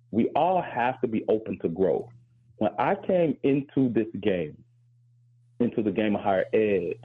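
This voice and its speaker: A man's voice: lowish voice, slightly rough. A man hosting a radio talk show, reflective and candid, often stammering as he starts a thought. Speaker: host. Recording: phone-like lo-fi line.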